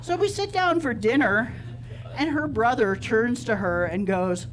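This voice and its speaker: A man doing a stand-up set, telling a self-deprecating story in a deadpan way at a live comedy show. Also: very high voice, measured pace, a little hiss or hum, poor audio.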